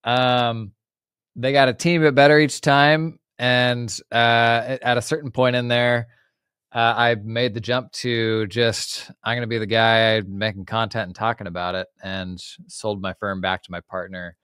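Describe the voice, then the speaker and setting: A man in his forties from the United States talks as a podcast guest over a video call, relaxed and chatty, with plenty of "like"s. His voice is smooth and clear, and it sounds dry and close with no room echo. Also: medium pitch, a little slow. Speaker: podcast guest, former firm owner. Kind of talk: casual interview talk.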